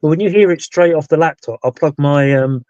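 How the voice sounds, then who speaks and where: A man's voice: a little high, a little fast, darkish tone, dry recording. British male host, casual rambling live-stream talk, dead dry muffled recording. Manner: rambling, loses his thread and restarts. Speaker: paranormal investigator and show host. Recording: dull dry lo-fi sound.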